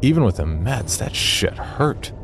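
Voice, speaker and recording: A man narrating a first-person horror story in a wry, deadpan way. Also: low voice, moderate pace, music in the background.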